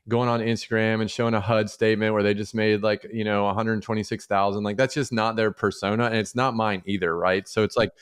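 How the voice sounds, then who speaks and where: Low smooth-voiced man, rambling casually. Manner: relaxed, rambling, lots of fillers and asides. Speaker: guest, real estate investor. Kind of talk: casual interview conversation.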